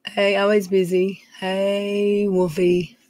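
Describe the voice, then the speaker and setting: A woman's voice: medium pitch, flat delivery, takes it slowly, darkish tone, no echo. A middle-aged woman, chatting casually on a home live stream, reading viewer names and talking in a folksy way. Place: dim room at home.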